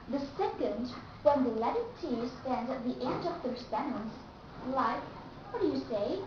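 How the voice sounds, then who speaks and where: A woman giving a slow, careful English pronunciation lesson and repeating the example words. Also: high-pitched, animated, noisy background. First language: Vietnamese. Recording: echoey room, distant mic, dull and lo-fi.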